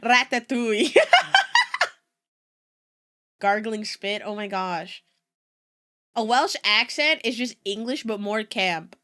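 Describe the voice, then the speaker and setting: A woman's voice: mid-range voice, slow pace, pauses often, pushed and bright. A young adult woman, a native Spanish speaker, chatting casually with her stream audience, rambling and giggling between asides. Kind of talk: casual reaction-stream chat.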